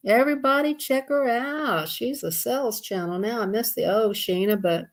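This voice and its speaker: A woman's voice: fairly high pitch, moderate pace, hardly any pauses. A woman chatting casually on a livestream while coloring, laughing often and greeting viewers. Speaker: livestream host.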